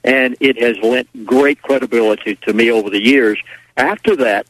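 A man's voice: medium pitch, moderate pace, fairly bright tone, no echo, poor audio. A man guest on a radio talk show, telling a rambling, folksy story in a casual way and acting out what others said. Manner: folksy, rambling, acts out quoted voices.

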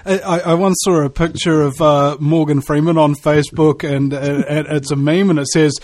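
A man with a New Zealand accent hosting an interview, joking and halting with many fillers. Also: a little high, steady tone, a little mellow, no echo, clean studio sound. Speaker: host. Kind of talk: casual interview chat.

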